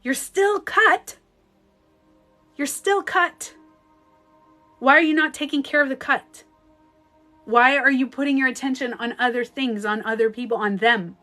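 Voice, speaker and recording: Emphatic high-voiced woman coach. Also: unhurried, pauses often, sharp tone, soft background music. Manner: emphatic, acts out hurt voices, swears. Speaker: relationship coach. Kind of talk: live-stream advice talk.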